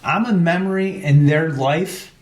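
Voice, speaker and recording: On a casual podcast, a chapter president from New York, middle-aged with a highish voice, spins hunting yarns at a measured pace. He brings them to life by acting out quoted voices, and the room echoes around him.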